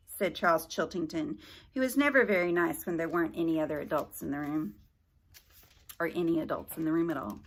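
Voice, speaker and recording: A woman reading a children's novel aloud as a library storyteller, with animated, chatty asides to young listeners. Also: low-pitched, brisk.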